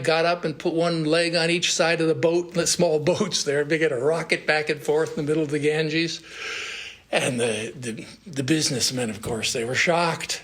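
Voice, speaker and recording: A monk giving a Sunday spiritual lecture at a monastery, recounting a story in an unhurried way and pausing to search for words. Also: male voice, a little high, fairly bright tone.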